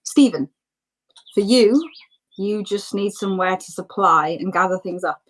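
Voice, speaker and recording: A woman narrating scenes as game master of a tabletop role-playing game, descriptive and relaxed. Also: mid-range voice, a little slow, poor audio.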